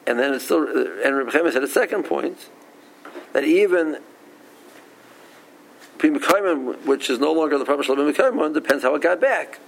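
Male Talmud teacher lecturing, fry in the voice, thinks out loud with restarts. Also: fairly high pitch, lively intonation, moderate pace, pauses often, rough recording. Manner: reasoning aloud, mixing English with Aramaic and Hebrew terms; frequent restarts and repeated words.

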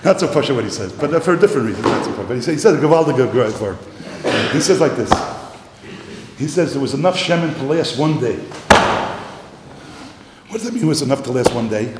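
Lively man teaching in an echoey hall. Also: medium pitch, fairly quick, long pauses. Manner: animated, repeats phrases, mixes Yiddish and Hebrew terms. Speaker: Torah teacher. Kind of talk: Talmudic lecture. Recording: echoey hall, faint noise.

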